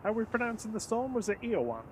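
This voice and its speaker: A man's voice: high-pitched, very animated, fast talker, darkish tone, a little hiss or hum. A man co-hosting a casual live plane spotting stream, joking and reading out viewer messages. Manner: laid-back, jokey, reads out viewer messages. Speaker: plane spotting livestream co-host.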